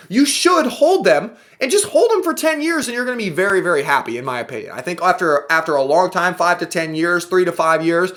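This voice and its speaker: A man's voice: sits high, fairly bright tone. A man hosting a crypto video show, ranting at his viewers in an exasperated, sarcastic monologue.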